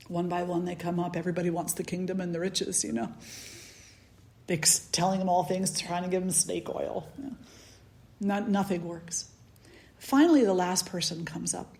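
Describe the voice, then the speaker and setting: A woman spiritual teacher giving a satsang, telling a story calmly and leading a guided meditation. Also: on the low side. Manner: calm, unhurried storytelling.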